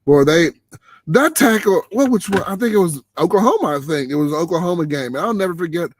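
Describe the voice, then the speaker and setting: A man hosting a casual late-night chat, animated, his voice leaping high when he gets excited. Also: fast, slight background noise. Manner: animated, exclaims with big pitch jumps when excited. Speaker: podcast host.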